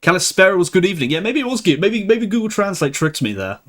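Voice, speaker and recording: A man's voice: high-pitched, big pitch swings, fast talker, fairly bright tone. A young man hosting a live stream, chatting casually with viewers, laughing often and restarting his sentences. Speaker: livestream host.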